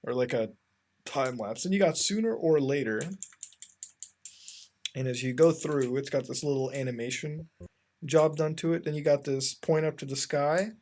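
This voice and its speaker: A fairly high-voiced man hosting a loose, off-the-cuff commentary as he browses odd web pages. He rambles with plenty of fillers and restarts, often sounding exasperated, and keeps calling out to his ladies and gentlemen. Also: moderate pace, pauses often. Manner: addresses the audience as ladies and gentlemen. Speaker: host.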